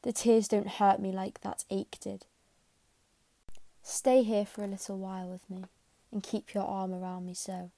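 Tearful young orphan girl read by a woman, soft and mellow, flat. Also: mid-range voice, a little slow, no echo, lightly acted. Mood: grieving. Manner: pleading, tearful. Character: grieving orphan girl, imaginative and tender.

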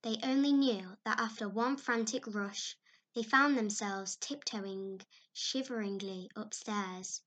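A woman narrating a classic story in a measured, expressive way. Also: medium pitch. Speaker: audiobook narrator. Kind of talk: scripted narration.

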